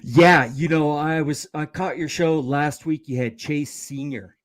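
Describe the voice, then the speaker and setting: Calling a sports program from the San Francisco Bay Area, this man chats casually in a slightly high, fairly even voice without hurrying. His speech is hesitant, full of restarts and repeated words.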